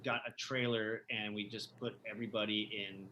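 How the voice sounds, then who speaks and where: A man's voice: lowish voice, little pitch movement, moderate pace, lo-fi sound, a little hiss or hum. A man, a musician and podcast guest, tells a tour story casually in a rambling, profane way with many restarts.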